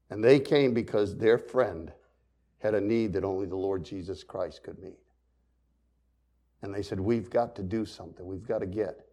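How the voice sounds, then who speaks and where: A man pastor preaching a sermon, swinging between loud emphasis and quiet, hushed storytelling. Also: lowish voice.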